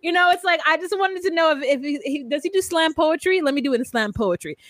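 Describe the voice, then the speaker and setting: Woman, podcast co-host, casual recap chat, animated, laughs a lot, dry close sound. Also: sits high, fast, no room sound. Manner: animated, laughs often, mock-dramatic voices when quoting.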